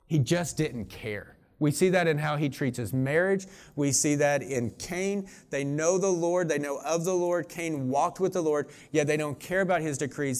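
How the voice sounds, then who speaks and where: A middle-aged man preaching a sermon in an earnest, conversational way, pressing his points with emphasis. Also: on the high side. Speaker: pastor.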